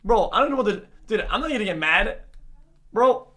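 Man, streamer, fairly high voice, blunt, swears a lot, fast rants. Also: lively intonation, fairly bright tone. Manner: blunt, swears a lot, repeats "bro" and "dude". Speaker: streamer reacting to videos. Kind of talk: casual reaction commentary.

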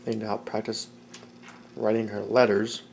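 A father filming a home video, making quiet, dry joking asides. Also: lowish voice, flat delivery, normal speed, creaky, slight background noise. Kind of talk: home video, side commentary. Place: family home, indoors.

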